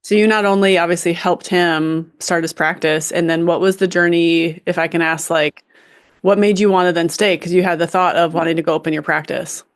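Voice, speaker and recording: A woman hosting a podcast, asking her guest questions in a measured, gentle way. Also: on the low side, steady tone. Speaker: podcast host. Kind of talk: interview questions.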